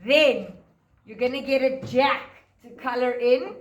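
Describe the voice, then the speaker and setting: A woman's voice: sits high, roomy sound. Sing-song woman telling a children's story. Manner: gentle, sing-song, drawn-out words. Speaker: preschool teacher. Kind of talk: storytelling and craft lesson for children.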